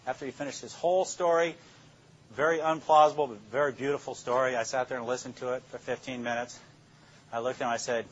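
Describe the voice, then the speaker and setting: A man's voice: medium pitch, fairly even intonation, fast, lo-fi sound, a little hiss or hum. An older man, a police detective, telling plainspoken stories about interrogations to a class and acting out his own lines. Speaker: police detective speaking to law students. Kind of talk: storytelling lecture.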